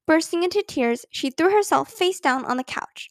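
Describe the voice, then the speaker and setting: Woman, narrator, expressive storytelling, high voice, dry sound. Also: moderate pace, dry recording. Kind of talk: scripted narration.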